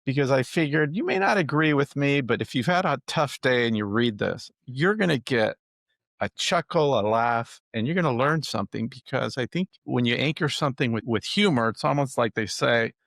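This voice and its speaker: Gravelly-voiced podcast host. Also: male voice, medium pitch, lively intonation, moderate pace, a bit bright, no room sound, studio quality. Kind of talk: casual interview chat.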